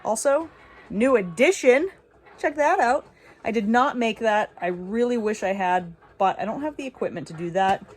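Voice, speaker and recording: Expressive and on the high side, this young woodworker speaks at normal speed in a casual vlog filmed in her small shop. The small business owner is upbeat and chatty and frequently laughs at herself.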